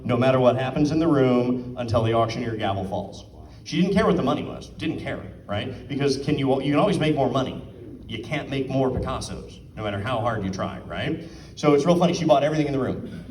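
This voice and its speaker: A man's voice: medium pitch, fairly quick, a little mellow, distant mic, slight background noise. Man, art auction presenter, chatty, asks the crowd questions, roomy sound, slightly off mic. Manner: chatty, asks the audience questions, acts out quotes. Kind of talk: casual presentation to a live audience. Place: room with an audience.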